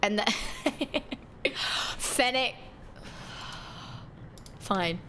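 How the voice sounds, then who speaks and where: A woman's voice: mid-range voice, animated, a little slow, long pauses, a bit bright, a little hiss or hum. A woman chatting playfully with her viewers while streaming a game. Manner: playful, chatty, talking to chat. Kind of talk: casual live-stream chat.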